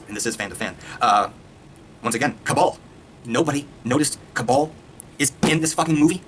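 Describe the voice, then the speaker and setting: A man in full rant mode, swearing constantly and jumping from point to point. His voice sits at an ordinary middle pitch. A faint background hiss runs under the recording. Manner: excitable, profane, rapid-fire ranting. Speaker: video reviewer. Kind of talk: casual rant.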